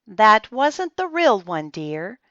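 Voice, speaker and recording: A woman's voice: medium pitch, very animated, slow pace, bright, forceful tone, dry recording, lo-fi sound, voice pushed up, exaggerated voice. A woman voicing a prim, proper mother in a storybook reading.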